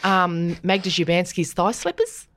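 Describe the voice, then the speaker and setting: An Australian woman hosting a podcast in casual chat, bubbly and gushing, quick to laugh. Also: fairly low pitch, fairly bright tone, dry recording, clean studio sound. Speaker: podcast host.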